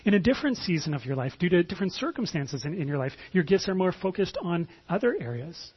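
Man, pastor, sermon, high voice, very husky, conversational, stumbles on repeated words. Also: lively intonation, fast talker, muffled recording. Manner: conversational, repeats words when starting phrases.

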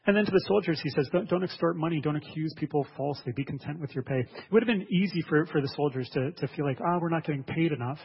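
A man's voice: fairly high pitch, fast talker, gravelly, few pauses, slightly rough. A man preaching a sermon as a pastor, earnest, often repeating words and asking listeners questions. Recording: dull sound with long hall reverb.

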